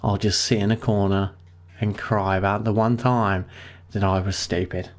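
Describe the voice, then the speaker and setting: This man streams a survival game, keeping up relaxed gameplay chatter in a fairly low voice at an ordinary pace. When the game turns against him, he gets excitable, curses, and blurts out in panic.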